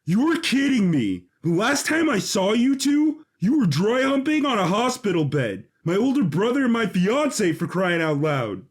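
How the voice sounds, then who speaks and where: Skip is a loud, whiny younger brother in a hobby audio drama, as a man puts him on. His voice sits high and swings all over. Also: sing-song, a little slow, breathy edge, heavily acted. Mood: outraged.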